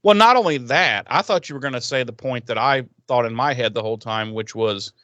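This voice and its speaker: A man co-hosting a podcast who recaps a TV episode in casual, profane talk, laughing often and getting animated. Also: medium pitch, brisk, no echo, lo-fi sound. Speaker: podcast co-host.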